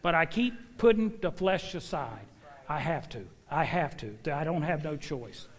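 Emphatic preacher, high voice, reverberant hall. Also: male voice, lively intonation, unhurried. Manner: emphatic, folksy, swings from loud exhortation to low asides. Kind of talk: sermon with personal testimony.

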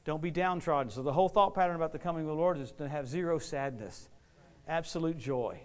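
A middle-aged male preacher rattles through stories at a quick clip, his voice sitting a little high for a man. He acts out the quotes and laughs along as he tells them. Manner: animated, quick storytelling with acted-out quotes and laughs. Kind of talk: storytelling sermon.

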